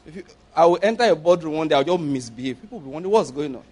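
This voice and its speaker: A Nigerian man preaches in a fairly high voice. He is playful and middle-aged, and he slips into acted-out dialogue as he makes his points. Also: lively intonation, rapid-fire, darkish tone. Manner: playful, acts out dialogue, laughs often. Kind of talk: sermon with acted-out stories.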